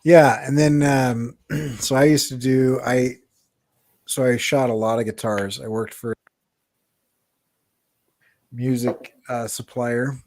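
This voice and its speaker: A middle-aged man co-hosting an art podcast, telling stories in a lively way and laughing often. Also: mid-range voice, slow pace, long pauses, no room sound. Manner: animated storytelling, laughs often. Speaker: podcast co-host, artist. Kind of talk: casual chat.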